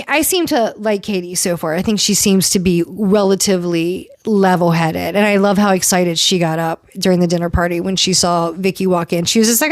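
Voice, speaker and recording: A woman's voice: mid-range voice, no room sound, studio quality. A woman hosting a casual recap podcast, blunt and opinionated, who swears freely and scolds the cast members as if they could hear her. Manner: addresses the cast members directly, as if scolding them. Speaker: podcast host. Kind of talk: casual reality-TV recap commentary.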